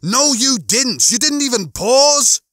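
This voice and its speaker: A man voicing Lister, a panicky young male spacefarer of twenty-five, with shrill, exasperated outbursts. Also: sing-song, a little slow, sharp tone, dry recording, clean studio sound, exaggerated voice. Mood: alarmed.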